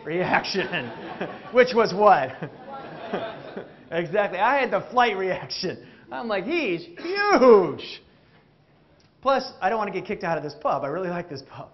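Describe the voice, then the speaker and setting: A man giving an interactive motivational keynote on stage, animated and jokey, asking the audience questions. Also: high voice, dull audio. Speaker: keynote speaker. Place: stage before a live audience.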